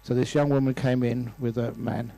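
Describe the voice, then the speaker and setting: A man's voice: medium pitch, level tone, moderate pace, creaky, warm tone, low-quality recording. A man in his sixties, a Buddhist monk, giving a humorous dharma talk and telling stories with playful voices. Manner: storytelling with playful voices and laughs. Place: lecture room.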